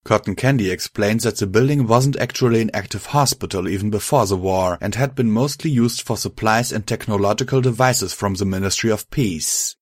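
A man narrating a story audiobook in a steady, matter-of-fact reading. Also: lowish voice, a little fast, few pauses, dry recording, studio quality. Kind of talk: audiobook narration of fan fiction.

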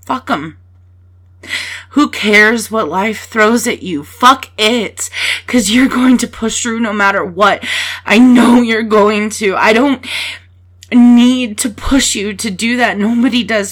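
A woman in a whispered role-play, speaking softly and reassuringly to the listener, swearing casually as she comforts them. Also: medium pitch.

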